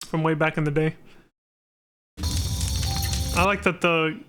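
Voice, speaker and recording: A man's voice: a little high, fairly even intonation, slow pace, fairly bright tone, soft background music. A man giving casual, profane let's-play commentary with laughing asides. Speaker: streamer.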